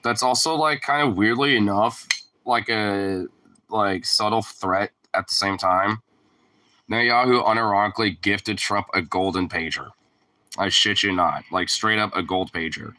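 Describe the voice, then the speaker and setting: A man's voice: on the low side, moderate pace, pushed and bright. A man streaming and chatting casually, rambling with lots of filler words and swearing freely. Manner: rambling and profane, full of "like" fillers. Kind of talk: casual chat.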